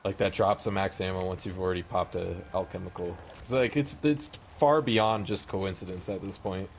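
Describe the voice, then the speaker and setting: A man chatting with a friend during a game, teasing him and laughing loudly. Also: low voice, fairly even intonation, moderate pace, a little hiss or hum. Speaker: co-player friend. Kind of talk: casual gaming chat.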